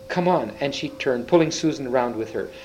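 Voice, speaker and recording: A man's voice: mid-range voice, fairly quick, darkish tone, slight background noise, rough recording. A man reading a children's fantasy book aloud, with small slips and restarts. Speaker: reader.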